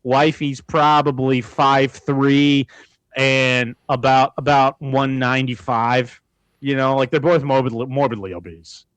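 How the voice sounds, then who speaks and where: A man co-hosting a podcast in casual chat, crude and mocking, animated and loose. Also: mid-range voice, a little slow, clean tone, no room sound. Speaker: podcast co-host.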